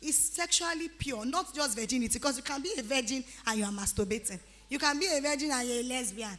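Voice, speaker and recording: Nigerian woman, 30s, youth retreat speaker; bright high voice, playful scolding delivery. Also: fast, faint music behind. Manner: animated, teasing, breaks into pidgin-flavored asides. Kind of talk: lively exhortation to teenagers.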